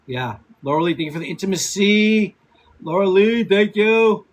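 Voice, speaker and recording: Husky, high-voiced man in his fifties. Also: fairly even intonation, poor audio. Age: 50s. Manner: laughs a lot, swears, gives quick shout-outs to viewers. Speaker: livestream host. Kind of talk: casual livestream chat.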